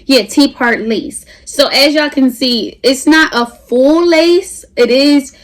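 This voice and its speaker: A woman's voice: sits high, takes it slowly. Chatty, slangy young woman vlogger. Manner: chatty, slangy, hyped and animated. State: a little out of breath. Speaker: beauty vlogger. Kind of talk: casual hair review vlog.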